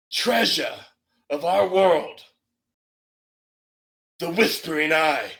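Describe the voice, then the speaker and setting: A man playing a pompous medieval warrior who declaims a battle cry in a high, lively voice, slow and drawn out. The tone stays bright and theatrical. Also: full character voice.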